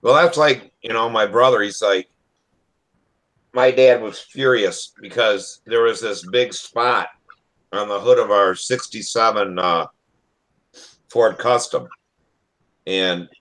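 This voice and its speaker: A man's voice: fairly low pitch, slow, long pauses, a bit bright, rough recording. A man rambling through anecdotes in a casual video call chat. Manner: rambling storyteller. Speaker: hangout participant.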